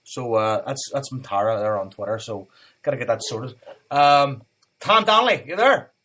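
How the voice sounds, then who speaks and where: A Scottish man hosting a casual radio show, easygoing and animated when he tells a story. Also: mid-range voice, moderate pace. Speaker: co-host.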